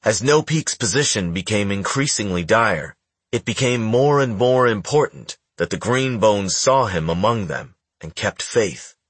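Male narrator, low voice, husky, dry close sound, measured storytelling. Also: expressive, fairly bright tone, dry recording. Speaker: audiobook narrator. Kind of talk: scripted narration.

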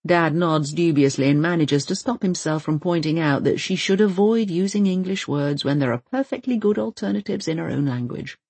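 Audiobook narrator, expressive storytelling, husky voice, dry close recording. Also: medium pitch, normal speed, few pauses, no echo. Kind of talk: scripted narration.

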